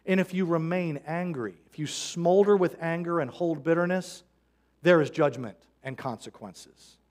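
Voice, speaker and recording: A man's voice: a little high, moderate pace, a little mellow. A man preaching a sermon as a pastor, earnest and conversational, quoting scripture. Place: church sanctuary.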